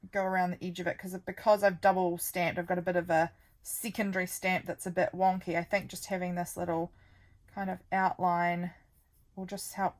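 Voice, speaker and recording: A woman's voice: fairly low pitch, low-quality recording. A woman vlogger chatting casually as she works on a craft project, thinking aloud and poking fun at her own mistakes. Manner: thinks aloud while working, rambling and self-deprecating.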